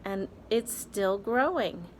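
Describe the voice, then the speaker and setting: A woman reading aloud, voicing a loud, greedy older aunt who gushes and shouts. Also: mid-range voice, lively intonation, slow pace, a little hiss or hum. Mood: gleeful.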